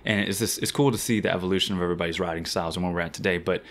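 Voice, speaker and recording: A man guesting on a podcast, telling an animated, slangy anecdote about his riding career. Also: low-pitched. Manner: fast-talking. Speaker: guest BMX rider. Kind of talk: casual storytelling.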